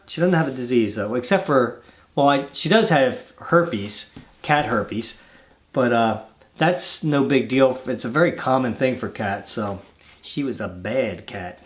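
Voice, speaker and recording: Easygoing man reading fan mail aloud. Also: mid-range voice. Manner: easygoing, rambling asides with restarts. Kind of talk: casual chat, reading letters aloud.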